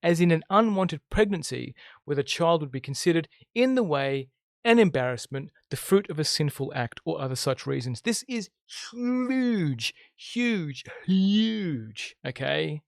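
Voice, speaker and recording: A man's voice: a little high, lively intonation, moderate pace, vocal fry, no echo, clean studio sound. A man teaching about the I Ching in a casual spiritual monologue, blunt and emphatic, always checking in with "okay?" and "right?". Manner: blunt, swears freely.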